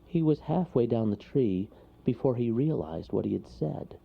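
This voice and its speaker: Gravelly man reading a storybook. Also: medium pitch, normal speed. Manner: expressive. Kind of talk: reading a children's storybook aloud. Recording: lo-fi recording.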